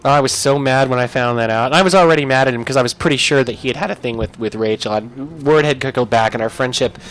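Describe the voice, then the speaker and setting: A young man telling a comic story on a podcast, animated and profane, jumping into loud yelps when he acts out his own lines. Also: medium pitch, fast.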